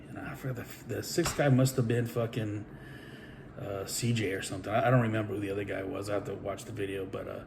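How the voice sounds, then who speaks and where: A middle-aged man with a fairly low voice tells a long story about his wrestling career in a loose, rambling way, stopping often with fillers and swearing freely. He talks casually, like a trainer addressing his followers, and a faint hum of ambience runs behind him. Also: gravelly. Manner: rambling, profane, with many fillers.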